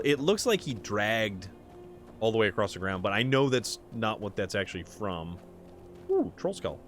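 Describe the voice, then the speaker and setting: A man streaming a game live chats casually with his viewers and reacts to the on-screen action. He sounds animated, with a jumpy pitch and sudden high exclamations.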